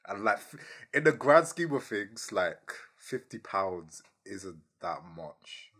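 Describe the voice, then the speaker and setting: Young man, low husky voice, lively pitch, laid-back podcast banter. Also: slow pace. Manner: laid-back, laughs often, repeats himself. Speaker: podcast host. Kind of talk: casual chat.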